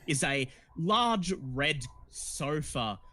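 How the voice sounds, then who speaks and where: A man's voice: on the high side, very animated, very slow, pushed and bright. A man narrating a tabletop horror game as game master, in a descriptive, wry way.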